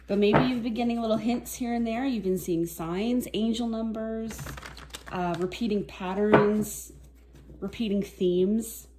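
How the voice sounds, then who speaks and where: A woman giving a casual tarot reading to camera, soft-spoken and reflective, a little teary and sniffling. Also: medium pitch, unhurried, heavy background noise. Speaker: tarot reader.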